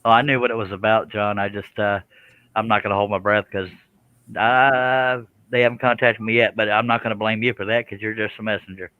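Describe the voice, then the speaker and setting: A man's voice: lowish voice, fairly even intonation, fairly quick, clear, resonant tone, no room sound, phone-quality sound. A man hosting a live stream in a casual, joking chat, reading out viewer comments. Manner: joking, chuckles, does silly animal noises.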